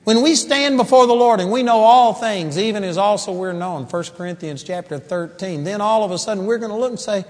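A high-pitched man delivers an animated sermon, swinging between loud exclamations and quiet asides. His voice rings with a long reverb that trails through the hall. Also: a little fast, few pauses. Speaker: preacher. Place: church hall.

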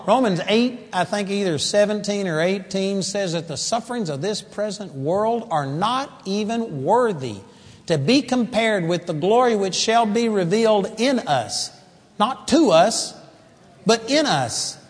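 A man preaching a sermon in a church hall, animated, moving from loud exclamations to quiet asides. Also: high voice, a little slow. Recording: long hall reverb.

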